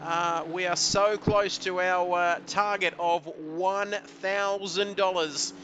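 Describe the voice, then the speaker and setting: A man giving excitable live commentary on a sim race, with frequent "uh" fillers. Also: sits high, slow, a little hiss or hum. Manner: excitable, hesitant fillers, building to shouts at the finish.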